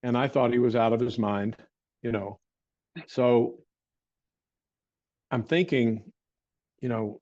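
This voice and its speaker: An older man telling a personal story as an interview guest, with rambling restarts and frequent throat clearing. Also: mid-range voice, steady tone, takes it slowly, long pauses, a little mellow, muffled recording. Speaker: interview guest, martial arts teacher.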